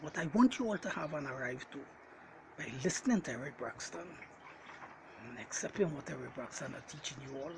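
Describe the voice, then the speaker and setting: On a rough recording with a faint hiss underneath, a self-styled Bible teacher preaches in a fairly high, gravelly voice, a little fast and with lively intonation. He pounds the same phrases over and over, repeatedly addressing his listeners as ladies and gentlemen while pushing every point home.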